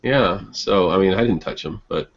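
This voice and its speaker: A man chatting casually in an online group hangout, rambling with many restarts and quick chuckles. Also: sits low, creaky, breathy edge. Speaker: online hangout participant and blogger. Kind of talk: casual group video chat. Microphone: computer mic on a video call. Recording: muffled lo-fi call audio.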